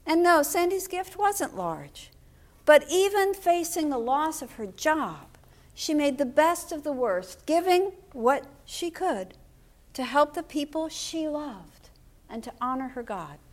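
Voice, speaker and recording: An older woman pastor delivering a sermon in a storytelling way, with wry humor. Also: high voice.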